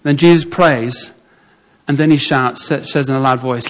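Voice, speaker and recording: A man's voice: fairly high pitch, lively intonation, brisk, a bit bright. A man preaching a sermon, telling the story vividly and acting out how onlookers would react.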